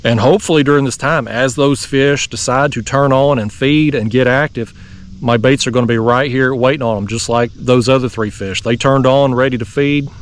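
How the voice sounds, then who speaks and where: A man, hosting a fishing vlog from a kayak outdoors, talking in a folksy, excitable way and laughing often. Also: mid-range voice, moderate pace, far from the mic, slight background noise. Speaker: fishing channel host.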